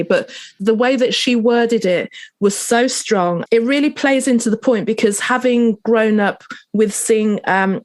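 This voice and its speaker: A woman hosting a casual podcast chat in a mid-range voice. She talks things through reflectively and thinks aloud as she goes. The sound is dry and close, with no room echo. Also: medium pitch. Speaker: podcast host. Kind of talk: casual conversation.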